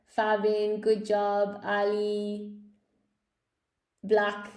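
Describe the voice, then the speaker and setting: A woman's voice: mid-range voice, monotone, drawn-out words, a little mellow, reverberant. A woman teaching a live online English class, cheerfully praising students by name as she goes through quiz answers.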